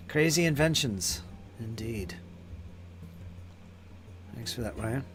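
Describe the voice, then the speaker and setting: A man's voice: mid-range voice, expressive, slow, background noise. A man hosting a live stream, chatting casually and muttering to himself while he paints miniatures. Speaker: channel host painting miniatures.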